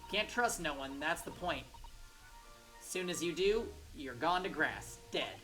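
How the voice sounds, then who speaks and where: A woman voicing a defiant, distrustful street-urchin girl pickpocket in a game, with a gruff mock Texas drawl and clipped slang. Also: deep voice, expressive, measured pace, a bit bright, faint music behind, low-quality recording.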